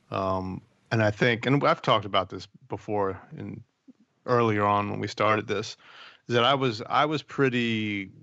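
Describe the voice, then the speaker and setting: A man's voice: fairly low pitch, fairly bright tone, no echo, lo-fi sound. A man co-hosting a podcast, talking in an easygoing way with hesitant fillers. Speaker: podcast co-host. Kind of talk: casual podcast chat.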